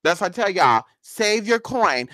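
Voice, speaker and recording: A woman's voice: medium pitch, big pitch swings, unhurried, fairly bright tone, dry recording. A woman who does paid spiritual casework, chatting bluntly and sassily with viewers on a live stream and calling them honey.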